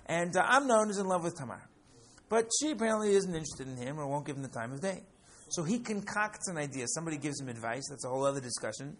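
Lively higher-voiced male teacher. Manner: animated, keeps asking "right?"; acts out examples with rising excitement. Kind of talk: classroom lecture.

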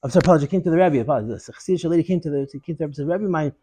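A man giving a Torah lesson, a digressive and animated storyteller. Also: a little high, racing, slightly rough. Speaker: Torah teacher.

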